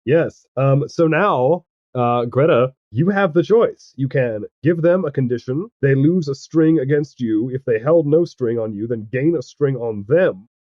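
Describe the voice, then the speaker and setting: A man's voice: mid-range voice, animated, no echo, muffled recording. Chatty man running a tabletop game. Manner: chatty, halting, laughs often while narrating. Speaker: game master. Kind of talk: narrating a tabletop role-playing game.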